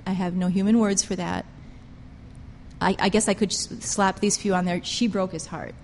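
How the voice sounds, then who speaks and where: A woman preaching a sermon with passion, pressing her points hard and swinging between loud emphasis and quiet intensity. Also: mid-range voice, flat delivery, normal speed, in a large hall, a little hiss or hum. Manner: impassioned, emphatic, rises and drops sharply in loudness.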